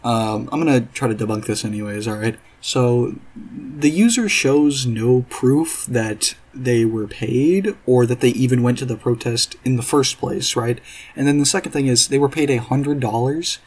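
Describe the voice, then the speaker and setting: Husky man ranting with sarcasm. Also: mid-range voice, normal speed. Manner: profane, sarcastic, exasperated ranting. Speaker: commentary YouTuber. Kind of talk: reaction commentary.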